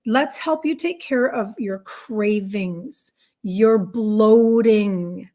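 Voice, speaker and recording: A woman's voice: medium pitch, very slow, warm tone. A middle-aged woman hosting a casual livestream as a health coach, upbeat and fired up, greeting viewers and reading their comments aloud.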